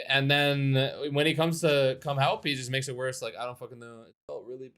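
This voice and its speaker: A man's voice: medium pitch, flat delivery, a little fast, fairly bright tone, smooth. A young man streaming a competitive game and commenting live, frustrated, swearing and ranting about his teammates.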